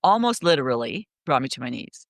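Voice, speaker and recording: Rambling, animated woman on a call. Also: rumbling low, brisk, no echo, clean studio sound. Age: middle-aged. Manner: rambling, animated storytelling with many restarts. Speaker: guest speaker. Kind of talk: casual podcast conversation. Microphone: remote call.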